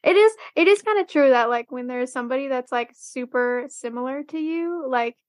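A woman's voice: sits high, moderate pace, no room sound, studio quality. A woman co-hosting a casual podcast, rambling with many fillers and restarts. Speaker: podcast co-host.

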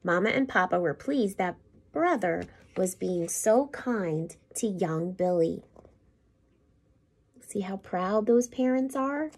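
A school principal, a woman, reading a picture book aloud to children in an expressive, teacherly way. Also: medium pitch, slow pace, breathy edge.

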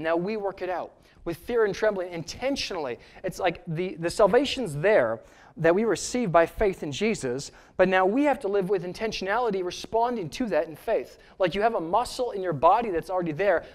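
Male pastor, canadian accent, high voice, earnest sermon, emphatic repetition. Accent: Canadian English. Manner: earnest, emphatic, repeats phrases for stress.

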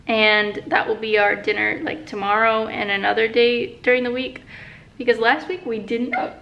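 A woman's voice: fairly high pitch, little pitch movement, normal speed, gravelly, lo-fi sound. A woman chatting casually in a home vlog from her kitchen, giggly and hiccuping as she talks. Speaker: vlogger. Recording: home video with audible kitchen noise.

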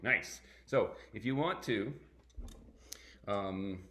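Middle-aged male ukulele teacher, low voice, echoey room with instrument playing, talks through strums calmly. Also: extremely slow, loud music behind the voice. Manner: relaxed, counts and vocalizes strum patterns. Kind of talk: online music workshop lesson.

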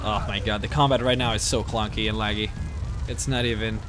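A man commenting on a video game as he plays, excitable and swearing freely. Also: on the low side, brisk, loud music behind the voice. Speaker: let's play host. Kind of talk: gameplay commentary.

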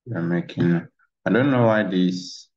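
A man's voice: low voice, a little slow, a little mellow. A man walking through trading charts in a casual tutorial, rambling and saying "you know" a lot, recorded on a dull lo-fi mic. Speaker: trading instructor. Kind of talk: casual screen-share tutorial.

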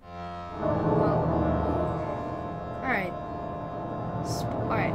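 A woman's voice: mid-range voice, unhurried, long pauses. A woman giving casual commentary while playing a video game, chatting and reading the on-screen text aloud. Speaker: gamer. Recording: loud game music behind. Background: game music.

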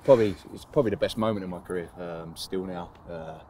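A man in his thirties with a very low, deep voice looks back on his playing days. He talks in a relaxed, rambling way, full of fillers and easy laughs, with a faint hiss of noise under the recording. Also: fast. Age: 30s. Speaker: footballer being interviewed. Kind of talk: casual interview recollection.

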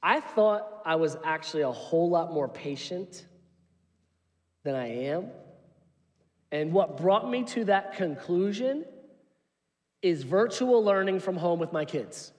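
A male pastor preaching a sermon in a church, telling stories in an animated, humorous way. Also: high-pitched, takes it slowly, pauses often. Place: church sanctuary. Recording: long reverb of a large hall.

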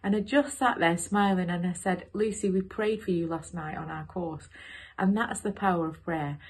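Husky woman telling a church testimony. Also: lowish voice, normal speed. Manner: animated storyteller with lively quoted voices. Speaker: church member sharing a testimony. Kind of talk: personal testimony.

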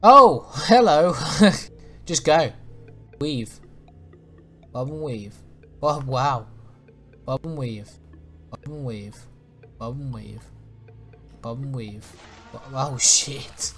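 A man's voice: medium pitch, lively intonation, slow pace, pauses often, faint music behind. A man commentating a video game as he plays, swearing often, laughing and yelping in panic. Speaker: gaming YouTuber. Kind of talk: let's play commentary.

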